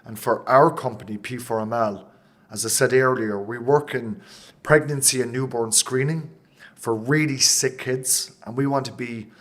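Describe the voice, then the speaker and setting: A man's voice: medium pitch, a bit bright. Passionate Irish man, talking in bursts. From Ireland. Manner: passionate, emotional, fast bursts with restarts. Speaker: company founder, guest. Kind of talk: interview conversation.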